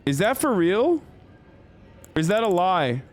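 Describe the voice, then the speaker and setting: A man's voice: high-pitched, sing-song, a little slow. A male streamer giving loose, profane, joking commentary while playing a game live. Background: faint game music.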